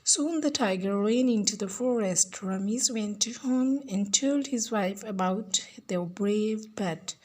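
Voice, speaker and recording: Speaking in a mid-range voice with a darkish tone, a female English teacher gives a recorded lesson, pacing herself slowly and deliberately and echoing each word for the class.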